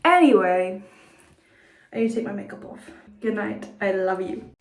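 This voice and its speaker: A young woman vlogging to camera in a chatty, excitable, self-mocking way. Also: medium pitch, moderate pace, noisy background. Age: young adult. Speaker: student vlogger. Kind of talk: casual vlog talk to camera. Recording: echoey room sound.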